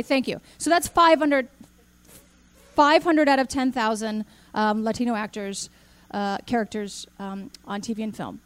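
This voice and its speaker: Animated woman telling a story to an audience. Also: on the high side. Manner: animated storyteller, acts out quoted dialogue, asks the audience questions. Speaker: speaker.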